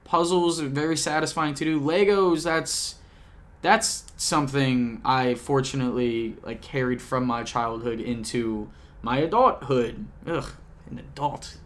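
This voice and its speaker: A young man at home rambles through a casual vlog recap for his camcorder, joking and repeatedly cutting off his own sentences. The YouTuber speaks at medium pitch and a measured pace.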